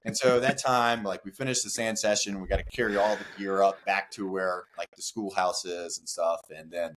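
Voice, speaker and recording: A man guest on a podcast, telling a rowdy story casually, with lots of "like" fillers, cursing and acted-out shouts. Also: sits low, moderate pace, slight background noise. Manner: animated, profane, many "like" fillers, acts out shouts.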